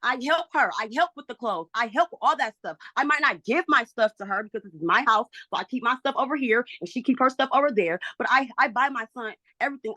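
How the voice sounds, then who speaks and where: Frustrated, pleading woman, bright voice. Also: on the high side, lively intonation, quick pace, hardly any pauses, no room sound, studio quality. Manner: frustrated, pleading, talks over others. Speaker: mother in a guardianship hearing. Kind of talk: emotional court testimony. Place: at home.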